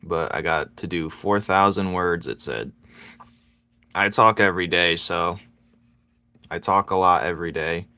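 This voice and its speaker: Low-voiced man chatting on a stream. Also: unhurried, long pauses, pushed and bright, no echo. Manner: rambling, answers viewer chat, low-key. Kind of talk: casual livestream chat.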